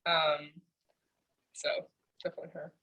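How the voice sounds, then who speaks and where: Young woman from Oregon, husky low voice, soft-spoken, casual chat on a video call. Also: little pitch movement, normal speed, dull audio. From Oregon, USA. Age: young adult. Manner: soft-spoken, self-deprecating. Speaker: college basketball player.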